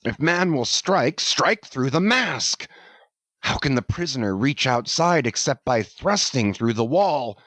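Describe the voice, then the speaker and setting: A man's voice: mid-range voice, animated, unhurried, a bit bright, no echo. A man reading the part of an obsessed old whaling captain, delivered as thundering, ranting declamation. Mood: brooding. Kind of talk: audiobook character reading.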